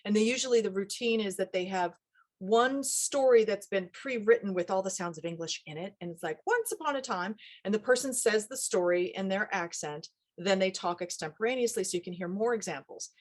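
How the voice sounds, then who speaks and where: A woman dialect coach talking casually in an interview, animated and acting out little quoted voices as she explains. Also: medium pitch, a little fast. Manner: animated, acts out quoted voices, laughs often.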